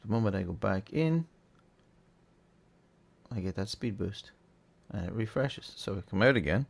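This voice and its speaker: Male tutorial host, low gravelly tone, easygoing, thinks aloud, keyboard clicks behind. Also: moderate pace. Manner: relaxed, chatty, thinking aloud with fillers. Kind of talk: casual gameplay tutorial.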